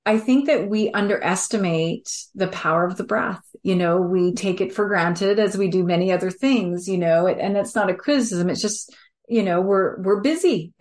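A woman hosting a podcast, talking in a warm, earnest, reflective way and laughing easily. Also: mid-range voice, normal speed. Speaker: podcast host. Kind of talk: reflective conversational chat.

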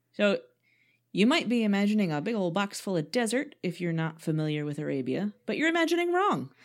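Lively low-voiced woman, playful host. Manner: playful, laughing, self-mocking. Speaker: podcast co-host. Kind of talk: reading a script with joking asides.

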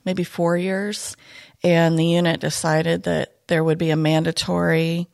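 Woman, low gravelly voice, reflective, halting, casual podcast chat, dry close sound. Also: level tone, no echo. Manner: reflective, soft-spoken, many pauses and fillers. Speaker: retired police K9 unit handler, podcast guest.

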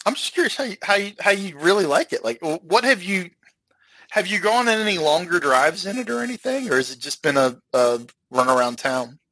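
A man's voice: high-pitched, lively intonation, a little fast, pushed and bright, slight background noise. A man hosting a casual car chat, asking eager questions and chiming in enthusiastically.

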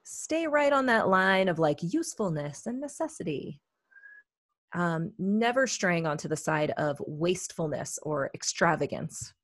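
A female therapist and wellness podcast co-host speaks with a lowish voice, lively intonation, and a measured pace. Her casual, reflective chat is packed with fillers, captured in a dry studio-quality recording.

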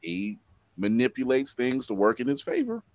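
A man co-hosting a casual chat show, animated, joking and acting out quotes. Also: mid-range voice, no echo. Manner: animated, quick to joke, acts out quotes. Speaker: podcast co-host.

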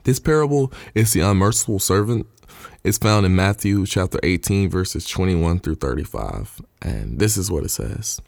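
A man's voice: low voice, animated, moderate pace, vocal fry, darkish tone, no room sound. A man giving an informal sermon, earnest and repeating his points for emphasis, retelling scripture in everyday terms. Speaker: preacher.

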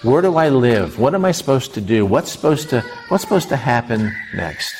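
A man preaching a sermon, retelling a scripture story with lively rises and sudden drops in his voice. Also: medium pitch, moderate pace, slight background noise.

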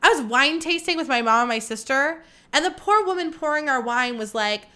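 A woman's voice: lively intonation, moderate pace. Dramatic, swearing young woman podcaster. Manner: dramatic, swings between loud exclamations and low mumbles; swears freely, self-mocking. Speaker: podcast host. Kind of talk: candid solo podcast monologue.

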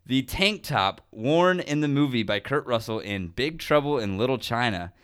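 A man's voice: mid-range voice, lively intonation, normal speed, a bit bright, smooth. A man co-hosting a podcast, chatting casually and eagerly about movie trivia, with many "um"s and "like"s. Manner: enthusiastic, trivia-loving, fillers like "um" and "like". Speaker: podcast co-host.

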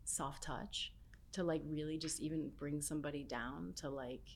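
Low, soft-spoken woman guest musing in casual chat, faint rumble behind. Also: steady tone, moderate pace. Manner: soft-spoken, many "like" fillers, drifts into near-whisper. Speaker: podcast guest, health chef.

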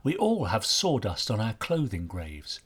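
A man reading as a stern Victorian inspector in an audiobook tale, low-voiced and husky. He questions with brisk authority and keeps a firm, serious hold on every word. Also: huge pitch swings, full character voice. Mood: grave.

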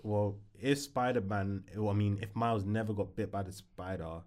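A man's voice: lowish voice, fairly even intonation, moderate pace, darkish tone. A young man in a casual film chat, laid-back and agreeable. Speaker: co-host.

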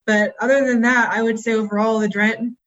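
High-voiced woman breeder, muffled audio. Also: steady tone, a bit bright. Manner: measured, informative. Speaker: dog breeder. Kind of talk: interview answers.

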